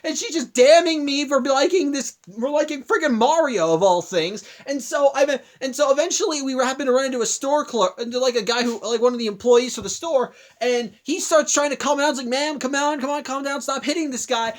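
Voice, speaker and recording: A man's voice: very high voice, a little fast, few pauses. A man in his twenties tells a long story in vlog style, rambling, with many restarts and asides. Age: 20s. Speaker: vlogger.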